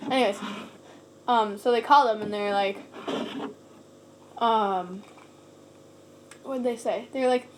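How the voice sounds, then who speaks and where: A woman's voice: a little high, fairly even intonation, takes it slowly, pauses often, noisy background. A teenage girl rambling casually into her camera at home, full of "like" and giggly asides. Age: teens. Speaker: vlogger. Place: home, indoors. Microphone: camera set on a shelf.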